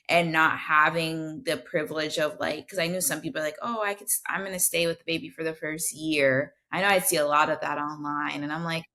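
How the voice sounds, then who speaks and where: Candid woman with a gravelly edge. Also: sits low, sharp tone. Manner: earnest, heartfelt, many restarts. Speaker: guest, registered nurse. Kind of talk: candid conversational storytelling.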